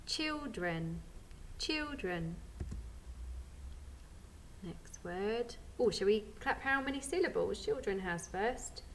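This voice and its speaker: A young woman teaching a phonics lesson to small children, sounding out each letter slowly and encouraging them with praise. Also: medium pitch, animated, a little hiss or hum. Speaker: primary school teacher.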